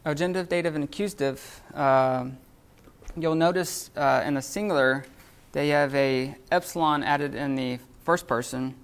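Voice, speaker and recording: A man teaching a live Greek grammar class, talking in a halting way with many fillers and restarts. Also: a little high, smooth.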